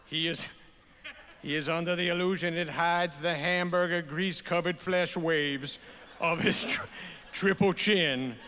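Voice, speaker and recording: A man reading a comic roast letter aloud in a put-on Southern accent, with a slow, drawn-out delivery at an awards ceremony. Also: a little high, steady tone, bright, forceful tone, slight background noise. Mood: mocking. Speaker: award recipient. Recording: reverberant awards hall, faint ambience.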